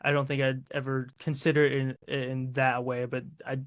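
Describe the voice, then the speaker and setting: A man's voice: medium pitch, level tone, normal speed, dry recording, studio quality. A man hosting a podcast interview, mostly offering short, agreeable responses. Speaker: podcast host. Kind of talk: casual interview chat.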